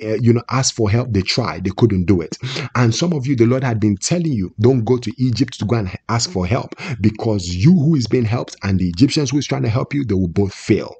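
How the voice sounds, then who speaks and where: A man's voice: mid-range voice, a little mellow, husky. A preacher giving a prophetic sermon, emphatic and repetitive, often asking his listeners questions. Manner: emphatic, repeats phrases and asks the listeners questions.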